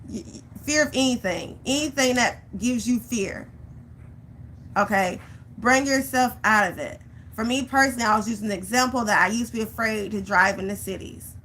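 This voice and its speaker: A woman vlogger talking straight to her viewers and urging them past their fears. She tells her stories with lively, acted-out panic and repeats phrases for emphasis. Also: a little high, moderate pace, slight background noise. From Georgia, US. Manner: animated storytelling, acts out her own panic. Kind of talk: motivational vlog talk.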